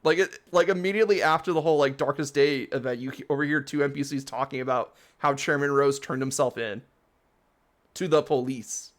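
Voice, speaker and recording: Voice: mid-range voice, fairly quick. A game streamer giving casual let's-play commentary, chatty and rambling, often breaking into laughter.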